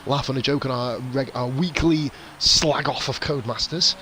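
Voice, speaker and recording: A man's voice: mid-range voice, normal speed, crowd noise. A chatty man hosting esports race commentary, nursing a nagging cough and swearing freely. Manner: chatty, swearing, self-mocking. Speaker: race commentator and stream host. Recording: racing game engines behind.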